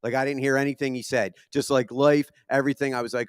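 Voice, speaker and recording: A man's voice: mid-range voice, steady tone, rapid-fire, hardly any pauses, smooth, no room sound, studio quality. A man in his thirties with a Philadelphia accent doing a profane, self-deprecating stand-up comedy set. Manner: profane, self-deprecating, punchy delivery with lots of swearing. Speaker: stand-up comic. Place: comedy venue with a live audience.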